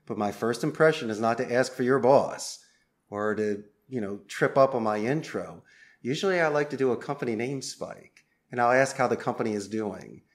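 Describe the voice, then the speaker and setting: A man's voice: medium pitch, normal speed. A man, a call center owner, speaking as a podcast guest with an upbeat, persuasive salesman's delivery. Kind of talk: conversational interview.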